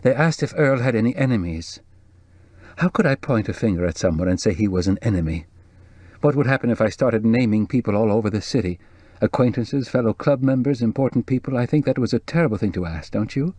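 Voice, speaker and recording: A man reading the part of a jumpy, anxious young woman with a low, breathless voice in an audiobook. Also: lively intonation, fairly quick, a little mellow, no room sound, natural voice. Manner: nervous, jumpy, worried.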